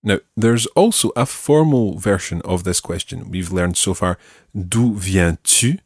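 A man with a lowish, very lively voice gives a language lesson. He explains each point clearly and says the phrases slowly and carefully. The recording is dry and close. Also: no room sound. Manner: slow, careful modelling of phrases. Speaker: French teacher.

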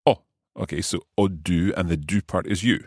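A man with a very low, deep voice hosts a language lesson, asking curious questions and trying out each new phrase slowly. He chuckles often as he goes, and the recording is close and dry. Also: a little mellow, no room sound. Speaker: podcast host and learner.

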